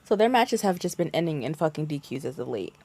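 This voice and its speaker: A woman's voice: deep voice, very animated, fast talker, warm tone. A woman co-hosting a wrestling podcast, talking loosely and profanely with lots of filler ums. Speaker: podcast co-host. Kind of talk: casual wrestling chat.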